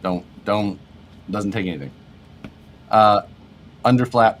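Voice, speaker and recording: Low-voiced man reading chat comments. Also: normal speed, breathy edge. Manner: relaxed, laughs often, reads viewer comments aloud. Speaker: livestream co-host. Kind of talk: casual livestream chat.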